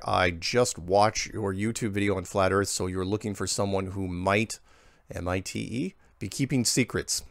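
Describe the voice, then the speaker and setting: A low, gravelly male voice reads viewer emails aloud in a casual way. He wanders into relaxed, rambling asides and often restarts his sentences. The sound is close and dry with no room echo. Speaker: channel host answering viewer emails. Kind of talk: casual reading of emails with comments.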